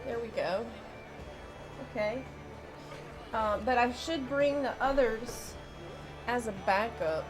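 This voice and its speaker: Chatty high-voiced woman streamer. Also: slow, long pauses, over music. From United States. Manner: chatty, rambling, self-interrupting. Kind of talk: casual chat with stream viewers.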